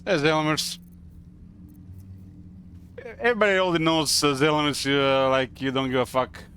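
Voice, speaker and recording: During a live gaming stream, a man rambles casually, stumbling along with many fillers. His voice is fairly high and fairly bright with fairly even intonation, and there's a bit of hiss or hum.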